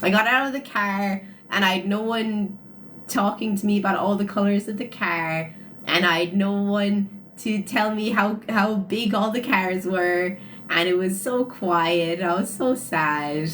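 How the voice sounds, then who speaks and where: A young woman chats to her livestream viewers in a loose, animated way and breaks into laughter often. Her pitch sits in the middle range for a woman. She speaks into a phone mic, with faint noise behind her. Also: measured pace. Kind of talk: casual storytelling to live chat.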